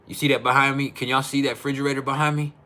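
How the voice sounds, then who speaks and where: Talking rapid-fire in a sharp, medium-pitched voice that barely moves in pitch, this livestream host streams casually from home with a fridge at his back. He laughs a lot and ribs his viewers with profane humor.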